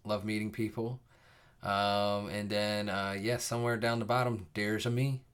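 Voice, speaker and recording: Lowish-voiced young guy chatting on his coding stream, rambly, lots of uhs. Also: little pitch movement, normal speed, fairly bright tone, smooth. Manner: rambling, chatty, many fillers and restarts. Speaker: host of a live coding stream. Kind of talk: casual live-stream chat before a coding lesson.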